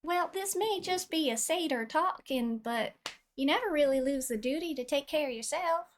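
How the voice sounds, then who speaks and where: High-voiced woman player speaking in character, gentle and friendly. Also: lively intonation, normal speed, slight background noise. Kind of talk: in-character tabletop play.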